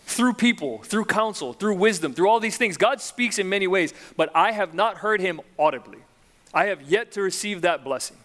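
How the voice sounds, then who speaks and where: A young man preaching a sermon, swinging between loud, slow, emphatic build-ups and quiet, low reflection. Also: lively intonation. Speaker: pastor.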